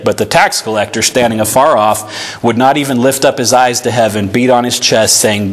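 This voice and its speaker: Male pastor, earnest and animated sermon delivery in a church, mid-pitched voice. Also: moderate pace. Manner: earnest preaching, animated, reads scripture aloud. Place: church sanctuary.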